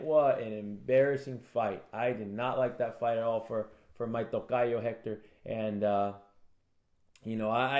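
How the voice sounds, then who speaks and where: Man, casual fight-betting chat, animated, echoey room. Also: medium pitch, muffled recording. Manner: animated, acts out fighters and referee in raised voices. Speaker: MMA prediction co-host.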